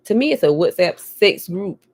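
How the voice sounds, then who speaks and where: A woman vlogging at home, telling stories in a candid, profane, lively way. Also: lowish voice, normal speed. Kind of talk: casual chat to camera.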